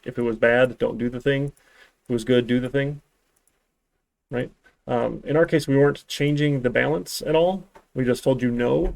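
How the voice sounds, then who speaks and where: Man, programming instructor, classroom lecture, sarcastic asides, gravelly voice, dry close sound. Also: mid-range voice, a little mellow, no room sound. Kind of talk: live-streamed classroom lecture.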